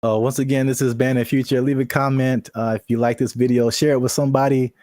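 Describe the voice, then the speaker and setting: A young man co-hosting a casual talk show, animated and laughing often as he riffs and hypes. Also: mid-range voice, fast talker, no echo, studio quality. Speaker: podcast co-host. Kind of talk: casual chat.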